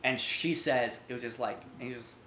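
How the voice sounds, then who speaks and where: Rambling, animated podcast co-host, man. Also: medium pitch, normal speed, slight background noise. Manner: animated, rambling retelling with many restarts and fillers. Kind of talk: casual chat. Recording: roomy echo.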